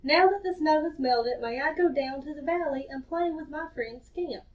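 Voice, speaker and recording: Woman voicing a young hare boy, high voice, nervous and eager, storybook, distant lo-fi sound. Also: normal speed, close to an everyday voice. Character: young male Arctic hare, eager and timid. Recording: distant dull lo-fi recording.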